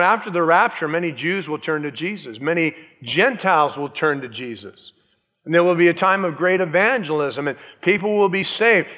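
Guy pastor preaching, kinda high voice, cracks jokes and acts out little quotes, echoey hall. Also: pushed and bright. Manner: conversational, joking asides, acted-out quotes. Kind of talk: sermon.

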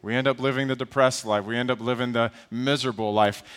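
A man in his thirties preaching a sermon as a pastor, telling a family story with lively acted-out voices. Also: medium pitch, fast, smooth.

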